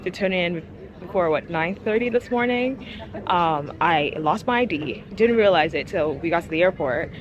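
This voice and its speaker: Chatty young woman vlogging, lowish voice. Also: moderate pace, dull audio. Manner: chatty, animated, laughs often. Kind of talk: casual vlog chat.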